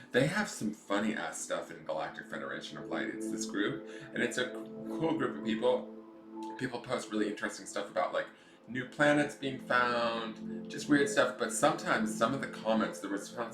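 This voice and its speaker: A nasal-voiced man with a fairly low pitch hosts a tarot live stream from home, his voice reverberant in the room. He's goofy and chatty with viewers, reading their comments aloud.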